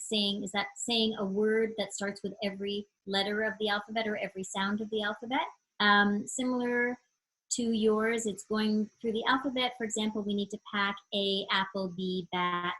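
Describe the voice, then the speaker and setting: A woman educator leading an online webinar for parents, explaining reading games in a friendly, explanatory way and stretching words out slowly to show their sounds. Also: mid-range voice, fairly bright tone, breathy edge, rough recording.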